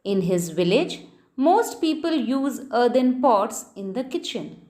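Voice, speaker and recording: A woman with an Indian English accent teaching a lesson to children, speaking slowly and patiently and spelling words out letter by letter. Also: fairly high pitch, very animated, dark tone. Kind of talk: scripted classroom lesson for children.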